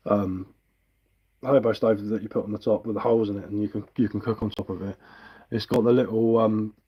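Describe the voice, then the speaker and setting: A man's voice: on the low side, a little fast, breathy edge, dull audio. A man, hosting a live stream and chatting casually as he works, rambling and poking fun at himself. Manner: relaxed, rambling, self-mocking. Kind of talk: casual chat while carving. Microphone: headphones with mic.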